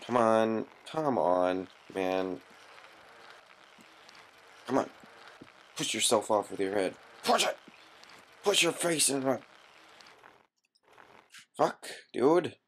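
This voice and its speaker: A man's voice: lowish voice, expressive, takes it slowly, long pauses, a little hiss or hum. A young man giving casual gameplay commentary, swearing constantly and yelping in frustration.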